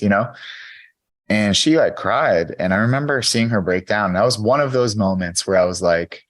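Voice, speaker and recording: A man's voice: on the low side, normal speed. A man in his thirties, a podcast guest telling his own story in a candid, earnest way with lots of fillers. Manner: earnest, candid, many fillers like "you know". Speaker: podcast guest, keynote speaker. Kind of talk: storytelling in an interview.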